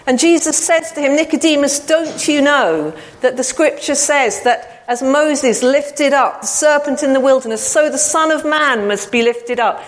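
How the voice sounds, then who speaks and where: A woman with a fairly high voice preaches a sermon through warm storytelling, slowing down to emphasize quoted lines. A long reverb, like that of a church hall, carries her voice.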